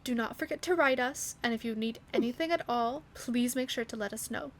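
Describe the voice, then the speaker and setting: A woman voicing a doting, fussy middle-aged mother who speaks softly but sternly. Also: high voice, animated, slow, slight background noise, full character voice. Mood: tender. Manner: soft, stern, fussing.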